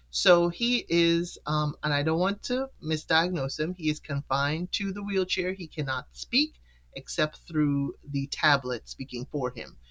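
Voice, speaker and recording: A show host chatting through an episode recap in a loose, casual way. The voice leaps up in pitch to act out each character's lines and drops back down for the storytelling, with laughs between points. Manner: animated, acts out the characters' lines with pitch jumps.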